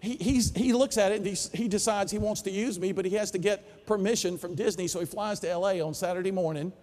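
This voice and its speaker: A man's voice: high-pitched, quick pace, big-room sound. A man with a Southern US accent, a philosophy professor giving a keynote and acting out the dialogue in his stories. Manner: animated storyteller acting out dialogue. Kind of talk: storytelling keynote speech. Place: large conference hall.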